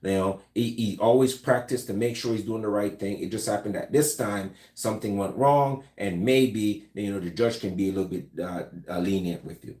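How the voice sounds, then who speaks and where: A man's voice: on the low side, normal speed, few pauses, warm tone, roomy sound. A man hosting a casual talk show, speaking loosely and conversationally with slang and frequent restarts. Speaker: host.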